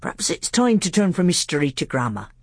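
A storybook reader voicing a small, kind, wise old male tutor who speaks gravely and corrects his pupil gently. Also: mid-range voice, sing-song, brisk, dry recording, clean studio sound, voice pushed up. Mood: correcting.

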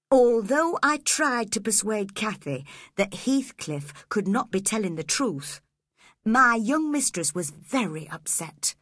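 A woman reads a storybook aloud slowly and expressively, her voice rising and falling widely. The tone is bright and a little breathy, recorded close and dry. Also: medium pitch, no echo. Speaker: narrator. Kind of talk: scripted storybook narration.

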